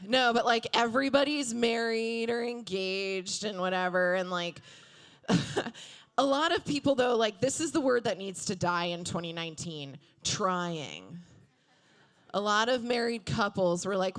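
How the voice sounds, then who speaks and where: A woman in her thirties doing a stand-up comedy set on a club stage, with deadpan asides and acted-out quotes. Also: medium pitch, unhurried, clean tone. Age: 30s.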